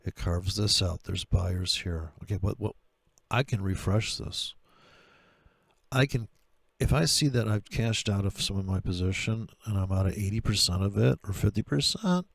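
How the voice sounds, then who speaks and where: A man talking through trading charts in a profane, sarcastic rant, with a gravelly voice. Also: sits low, no room sound. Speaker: trader. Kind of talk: screen-share trading commentary.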